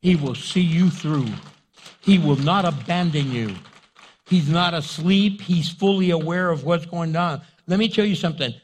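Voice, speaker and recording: A man pastor preaching a sermon in an animated, jokey way. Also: fairly high pitch, moderate pace, breathy edge.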